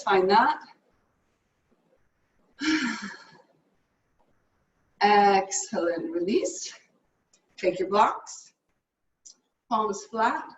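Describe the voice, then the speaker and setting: A woman teaching a live yoga class, cueing poses in a brisk, upbeat way and a little out of breath. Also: fairly high pitch, a little hiss or hum. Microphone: camera mic at a distance. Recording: echoey room, from far off.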